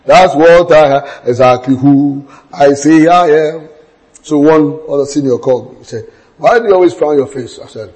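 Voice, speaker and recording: A middle-aged man preaches with a fairly high voice. He tells stories with humour, dropping to quiet asides and then rising to loud exclamations. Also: rough recording. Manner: storytelling with humour, lively swings from quiet to loud. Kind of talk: sermon.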